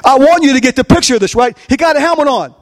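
A man preaching a sermon, animated and questioning his congregation as he acts out scenes. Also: very high voice, rapid-fire. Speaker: pastor.

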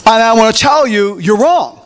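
A man preaching a sermon, animated, often asking the congregation questions and answering them himself. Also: high-pitched, normal speed. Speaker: pastor. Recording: long reverb of a large hall.

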